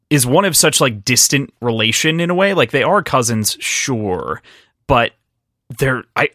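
A man's voice: medium pitch, bright, forceful tone, no echo, clean studio sound. A man co-hosting a casual book discussion, joking and laughing often. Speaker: podcast co-host.

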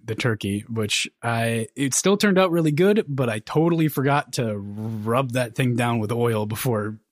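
A man's voice: medium pitch, moderate pace, no room sound, studio quality. A man co-hosting a podcast in casual chat, rambling and teasing, chuckling in the middle of his sentences. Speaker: podcast co-host.

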